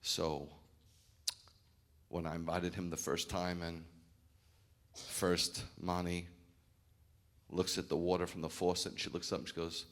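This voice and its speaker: A man's voice: sits low, level tone, a little slow, long pauses, a bit bright. A middle-aged man, a rabbi, preaching an informal sermon in a candid, conversational storytelling way. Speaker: rabbi, pastor of the congregation.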